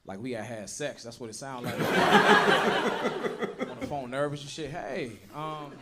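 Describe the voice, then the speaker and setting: A man doing a profane, animated stand-up comedy set, acting out voices as he tells stories. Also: medium pitch, a little slow, very noisy. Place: comedy club stage before a live audience. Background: audience laughter.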